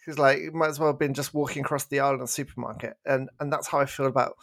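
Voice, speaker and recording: A man's voice: medium pitch, racing, gravelly. A man co-hosting a podcast, talking animatedly in casual review chat and mimicking characters in mocking voices. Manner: animated, mocking put-on voices when quoting. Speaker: podcast co-host.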